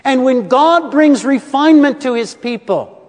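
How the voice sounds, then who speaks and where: A man preaching a sermon as pastor, expressive, swinging between rising emphasis and soft, quiet drops. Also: very high voice, measured pace, big-room sound.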